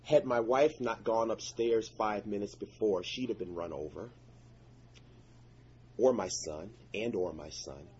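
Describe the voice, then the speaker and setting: A man's voice: on the low side, measured pace, a little mellow, muffled recording, a little hiss or hum. A man telling a personal story in an earnest, intense way, breaking into prayerful exclamations. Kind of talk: personal story told to listeners.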